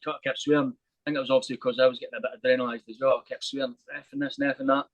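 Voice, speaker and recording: A young man talking fast as a podcast guest, spinning a story in a lively, animated way and swearing freely. His voice sits at an ordinary middle pitch and sounds close and dry, with no room around it. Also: no echo, highs cut off. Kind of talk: storytelling in a casual interview.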